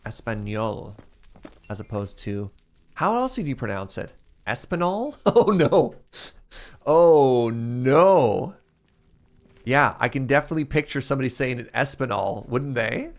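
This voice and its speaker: A man's voice: medium pitch, creaky, fairly bright tone. A Canadian man from the prairies, streaming a game and chatting casually and playfully with his viewers, often joking at his own expense. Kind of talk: casual chat while playing a game.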